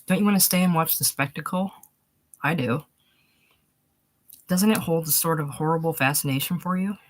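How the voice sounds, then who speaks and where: Snippy disgusted guy, all high and mighty, as a low-voiced woman reads him. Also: moderate pace, a little hiss or hum, close to an everyday voice. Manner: bitter, contemptuous. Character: indignant middle-aged man, scornful and self-righteous.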